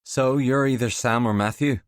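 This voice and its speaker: A man's voice: medium pitch, steady tone, normal speed, no echo, studio quality, pitched above the performer's own voice, close to an everyday voice. A man voicing a sly, nervous young woman with a Northern Irish accent in an audiobook, raising his voice into a lighter tone.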